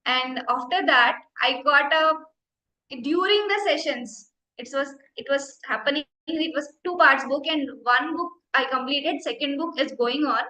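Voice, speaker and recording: Young Indian woman with Telugu as her first language, meditation teacher, earnest testimony, high and bright, echoey room. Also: unhurried. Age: young adult. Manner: heartfelt, earnest storytelling. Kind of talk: personal testimony talk. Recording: roomy echo.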